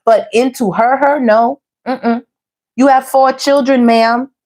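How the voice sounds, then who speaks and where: A woman giving a casual tarot reading, sassy and animated, full of slang and calling the viewers "baby" and "y'all". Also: sits high, slow pace. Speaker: tarot reader.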